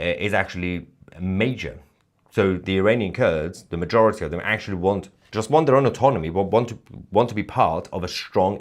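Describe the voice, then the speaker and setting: A young man hosting a live commentary stream, reading viewer comments and answering with sarcastic, animated asides and lots of filler restarts. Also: deep voice. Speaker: host.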